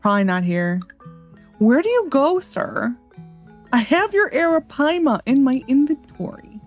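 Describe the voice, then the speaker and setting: A woman's voice: high voice, very animated, measured pace, soft background music. A woman hosting a gaming channel, chatting casually and thinking aloud as she plays. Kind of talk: casual let's-play commentary.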